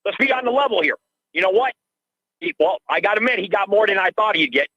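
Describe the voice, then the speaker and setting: A man's voice: high-pitched, animated, fast, bright, forceful tone, no room sound. An older man calling in to a radio show, ranting in an agitated way and repeating himself, heard through dull lo-fi call audio. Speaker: caller.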